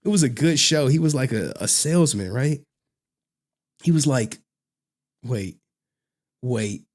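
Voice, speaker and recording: A man's voice: mid-range voice, expressive, unhurried, a little mellow. Laughing, rambling male streamer. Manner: rambling, laughing often, searching for words. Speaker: livestream host. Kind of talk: casual live-stream commentary.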